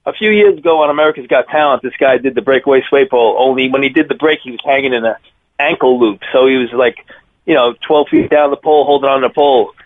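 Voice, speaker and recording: A man's voice: medium pitch, fast, no room sound. A man in his fifties with a Long Island accent, telling rambling stories as a radio guest, full of fillers. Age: 50s. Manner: rambling, fillers, energetic storyteller. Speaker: radio guest, circus daredevil. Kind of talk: phone-in interview storytelling. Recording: tinny phone line.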